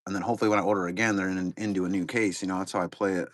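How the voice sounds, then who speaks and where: A man's voice: low-pitched, fairly even intonation, very fast, fairly bright tone, dry recording, clean studio sound. A middle-aged man, casually rambling to chat viewers while opening card boxes on a live stream. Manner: rambling, laid-back, talks to chat viewers.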